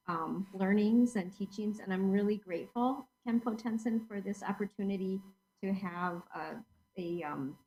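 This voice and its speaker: A woman introducing herself on a video call in an earnest, grateful way, with fillers. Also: mid-range voice. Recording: dull lo-fi video call audio.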